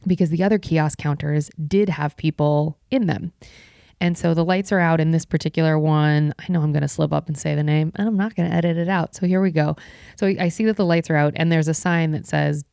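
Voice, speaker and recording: A woman's voice: low voice, steady tone, brisk, creaky, mellow, clear, resonant tone, no echo, clean studio sound. A woman hosting a podcast solo, telling an exasperated, sardonic story as a rant. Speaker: podcast host.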